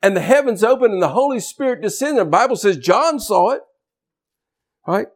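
A man preaching a sermon as pastor, swinging from loud shouted emphasis to quiet, low asides. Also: expressive, moderate pace.

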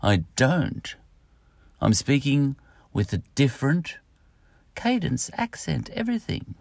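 Rambling man with a gravelly voice. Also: medium pitch, sing-song, takes it slowly, darkish tone, dry recording. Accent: Australian. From Australia. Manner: meandering, full of fillers and asides. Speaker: podcast host. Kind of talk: rambling solo podcast monologue.

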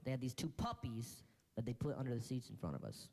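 Brief: stuttering stand-up comic, animated delivery, middle pitch. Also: fast talker, gravelly, slight background noise. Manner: strong stutter, repeating words many times. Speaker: stand-up comedian. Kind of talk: stand-up routine.

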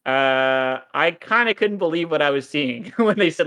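A man's voice: a little high, expressive, normal speed, pushed and bright, clear, resonant tone. A man in his thirties co-hosting a podcast, recapping a cartoon in a crude, sardonic, rambling way with lots of swearing. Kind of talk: casual podcast chat.

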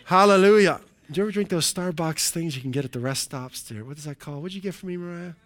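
A man preaching a sermon in an animated way, with frequent calls of hallelujah and joking asides to the congregation. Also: fairly high pitch, quick pace. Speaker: pastor.

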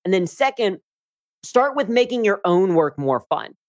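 An upbeat, chatty man speaking as a guest in a casual interview, voice sitting a little high. The sound is dry and close, with no room around it. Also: sing-song, moderate pace, no room sound. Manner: upbeat, chatty, frequent "right?" asides. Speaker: guest, humor coach and speaker.

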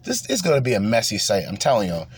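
A young New Jersey man hosting a podcast launches into a rambling, profane, heated political rant, casual in tone. He's very animated and fast, with a lowish voice. There's slight background noise.

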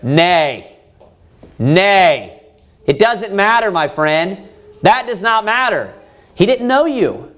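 Animated preacher man, high lively voice. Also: a little slow. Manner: emphatic, rhetorical questions, voices pleading characters. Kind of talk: sermon with scripture reading.

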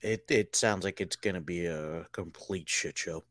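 A man's voice: low-pitched, normal speed, a bit bright, no echo. Joking man in dry casual banter. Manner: joking banter, swears freely. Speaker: podcast co-host. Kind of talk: casual chat.

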